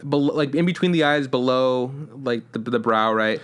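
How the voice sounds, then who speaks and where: A man's voice: medium pitch, moderate pace, clean tone. Male podcast host, loose and profane, talks in long rambling runs full of fillers. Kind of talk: casual chat.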